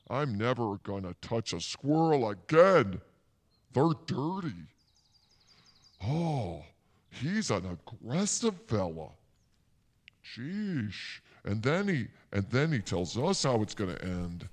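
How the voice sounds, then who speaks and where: A man's voice: fairly low pitch, husky. A man hosting a comic show, ranting in exasperation in a forest preserve. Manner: exasperated, rambling rants. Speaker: comedy show host. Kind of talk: comic outdoor monologue.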